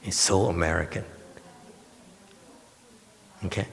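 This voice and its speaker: This Buddhist master's voice is deep, steady, and creaky, and he talks slowly. Lecturing on a sutra in a temple hall with strong reverb, he teases the audience and quizzes them through emphatic questions.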